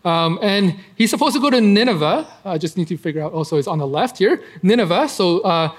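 Man, high-pitched voice, casual Bible teaching, lots of "right?" and "um". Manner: conversational, many fillers and tag questions. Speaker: preacher.

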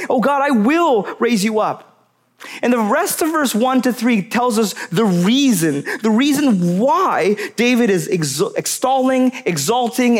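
A man preaching a sermon as pastor, earnest and repeating key phrases for emphasis. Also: high-pitched.

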